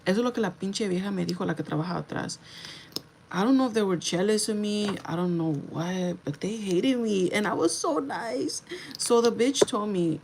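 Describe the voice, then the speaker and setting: A young woman livestreaming, telling a story to her viewers in a chatty, animated way, swearing freely and slipping into Spanish. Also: mid-range voice, normal speed, slight background noise, rough recording. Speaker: livestream host.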